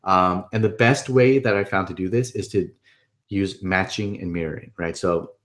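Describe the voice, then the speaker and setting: A man with a slightly low voice teaches a webinar in an easy, conversational way. He stays upbeat and keeps checking in with his listeners as he explains each point. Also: normal speed, fairly bright tone. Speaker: webinar presenter. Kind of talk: casual instructional talk.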